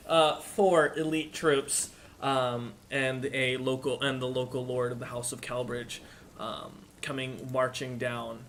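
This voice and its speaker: Male game master, bright voice, stop-start casual narration over a low hiss. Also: flat delivery. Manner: halting, many fillers. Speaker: dungeon master.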